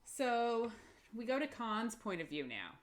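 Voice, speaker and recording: A woman's voice: on the high side, very animated, unhurried. A woman co-hosting a podcast, recapping a book in casual chat, laughing often as she summarizes. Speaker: podcast co-host.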